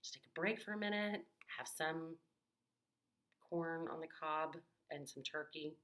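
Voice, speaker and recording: Kindly soothing townsperson, put on by a woman, hushed and coaxing, low but bright. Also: a little slow. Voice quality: hushed, partly whispered, coaxing. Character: kindly soothing townsperson calming a panicked man.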